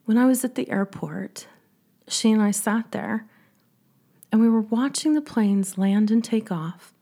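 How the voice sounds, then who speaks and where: A middle-aged woman telling a personal story with deep feeling, often dropping to a soft whisper. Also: unhurried. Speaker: speaker and coach.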